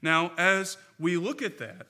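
A pastor delivers his sermon in an earnest, emphatic way, pausing to put rhetorical questions to his listeners. His voice is strikingly bright and sits a little high for a man. He sounds like he is speaking to a congregation in church. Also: very animated.

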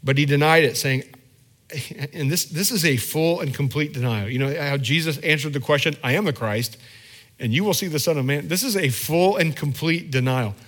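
A man's voice: on the high side, lively intonation, normal speed, a bit bright. A male pastor giving a conversational sermon, often restarting and repeating words as he thinks aloud.

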